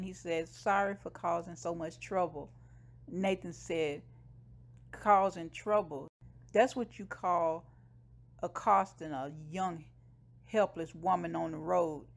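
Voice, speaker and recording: A woman's voice: on the low side, gravelly. A woman casually retelling a TV episode scene by scene, briefly voicing the characters' lines. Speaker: show recapper.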